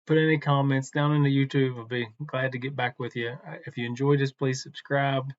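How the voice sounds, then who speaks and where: A man teaching from the Bible in a relaxed, conversational devotional talk, unhurried and with some restarts. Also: mid-range voice, no room sound, lo-fi sound.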